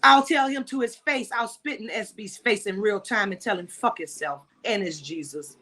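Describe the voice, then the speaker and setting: A woman's voice: medium pitch, moderate pace, rough recording. A woman hosting a casual chat, telling a profane story and acting out the dialogue with lots of energy. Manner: animated, profane, acts out dialogue. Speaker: host.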